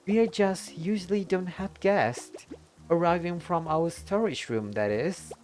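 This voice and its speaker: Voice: medium pitch, extremely slow, pitched above the performer's own voice. A streamer reading game dialogue aloud in character, voicing a welcoming, formal lodge keeper with a put-on accent. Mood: polite. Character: cheery lodge keeper hosting a guest by a volcano.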